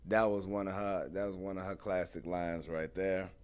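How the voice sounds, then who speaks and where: A young man hosting a casual live stream, telling lively stories and greeting viewers in the chat, speaking. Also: low voice, moderate pace, clear, resonant tone. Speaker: host.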